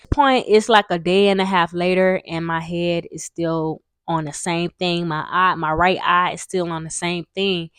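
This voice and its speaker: A woman's voice: on the low side, no room sound, clean studio sound. A young woman tells a personal story in a rambling, frank way, full of fillers and swearing. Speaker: vlogger. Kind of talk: casual storytime vlog.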